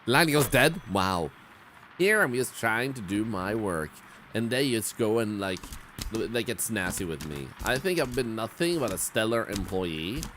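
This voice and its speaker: A man's voice: on the low side, very animated, measured pace, a bit bright, a little hiss or hum. A man streaming a game, rambling and joking with sarcastic asides. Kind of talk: game commentary.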